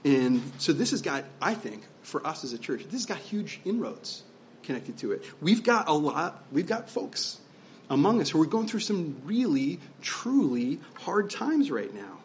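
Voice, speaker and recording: A man's voice: on the high side, sing-song, unhurried, a little hiss or hum. A man preaching as pastor, conversational and emphatic, asking his listeners rhetorical questions. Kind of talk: sermon.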